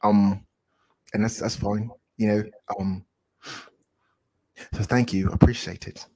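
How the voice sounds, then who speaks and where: A man co-hosting a casual live-streamed chat, rambling and animated with frequent restarts. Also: on the low side, slow pace. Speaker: podcast co-host.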